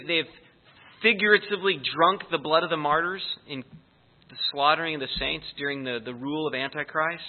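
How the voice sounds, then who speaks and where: A man giving an earnest, explanatory verse-by-verse sermon as a Bible teacher. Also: a little high. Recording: tinny phone-like sound.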